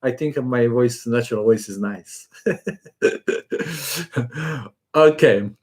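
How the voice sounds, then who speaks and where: A man's voice: mid-range voice, very slow, a little mellow, husky. A man, a chess channel host chatting casually in a live-stream question and answer session, hesitant with many fillers.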